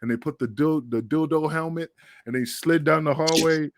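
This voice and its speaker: A man's voice: on the high side, moderate pace, no echo, clean studio sound. A middle-aged man, a former pro wrestler, telling rambling, profane backstage stories in a casual podcast chat. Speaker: retired pro wrestler guest.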